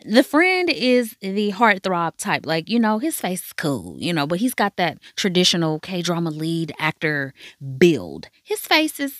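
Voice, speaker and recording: A podcast host with a lowish, slightly bright voice and huge pitch swings gives a casual, profane recap of a drama, speaking a little slowly with few pauses. She's frank and chatty, tossing playful asides to listeners. The sound is clean studio audio with no echo.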